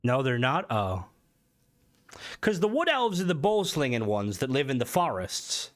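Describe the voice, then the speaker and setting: A man streaming a game and chatting casually with his viewers, rambling and swearing, with many fillers, and his voice jumps higher when he gets worked up. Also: wildly swooping pitch, normal speed. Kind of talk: casual live-stream chat.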